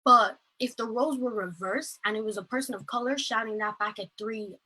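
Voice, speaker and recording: A woman's voice: a little high, fairly quick, bright, forceful tone, slightly rough, poor audio. A woman, giving earnest, impassioned personal testimony over a video call. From Ireland. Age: late teens. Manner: earnest, impassioned, filler-heavy storytelling. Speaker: protest speaker.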